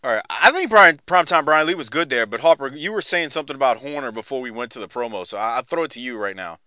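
A man's voice: medium pitch, expressive, fast talker, bright, forceful tone, no room sound. A man from New Orleans hosting a casual chat about old wrestling, laughing often and rambling with restarts. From New Orleans, Louisiana. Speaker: podcast host.

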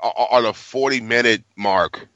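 A man's voice: medium pitch, unhurried, sharp tone, no echo, highs cut off. A man co-hosting a casual podcast, telling rambling stories full of profanity and repeated words. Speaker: podcast co-host.

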